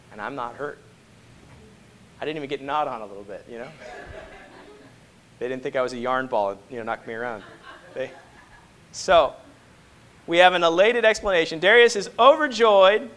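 A man preaching a sermon to a congregation, moving between hushed, slow passages and loud, emphatic ones and often asking rhetorical questions. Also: mid-range voice. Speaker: pastor.

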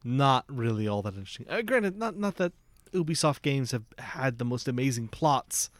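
Man, mid pitch, relaxed podcast host who asks questions; dry recording. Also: moderate pace, no room sound. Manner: easygoing, asks questions, chuckles. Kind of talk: casual podcast chat.

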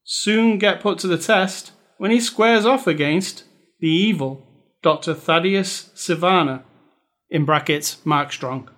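His voice sits high and a bit bright, and he speaks slowly. Hosting a movie review podcast, he chats and jokes with his co-host in a casual way, giving read-aloud bits dramatic stress.

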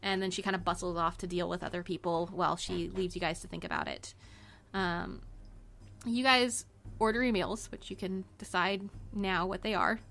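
A woman's voice: lowish voice, steady tone, moderate pace, vocal fry, a bit bright. A woman narrating a tabletop role-playing game as game master, rambling with many fillers and restarts.

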